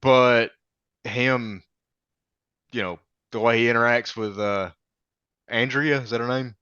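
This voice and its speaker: A man co-hosting a podcast, giving blunt opinions in a halting way, often restarting sentences. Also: medium pitch, fairly even intonation, pushed and bright, smooth, no echo, dull audio. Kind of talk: casual film discussion.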